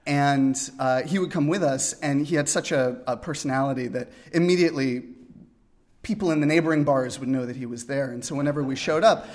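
A man's voice: medium pitch, fairly quick, darkish tone. A middle-aged man telling a personal story in a conversational way, with fillers and amused asides.

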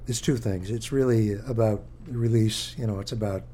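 A man reading from his own book to a live audience, with halting, thinking-aloud asides between passages. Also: lowish voice, mellow, a little hiss or hum.

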